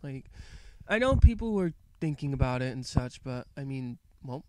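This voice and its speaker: Man reviewer, casual rambling episode recap, smooth voice, dry close sound. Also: mid-range voice, animated, normal speed, darkish tone, no room sound. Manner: rambling, hesitant, many fillers. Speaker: anime reviewer.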